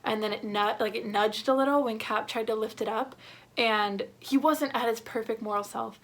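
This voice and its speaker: A woman giving a casual spoiler film review, gushing and excitable, with lots of fillers. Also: on the high side, moderate pace.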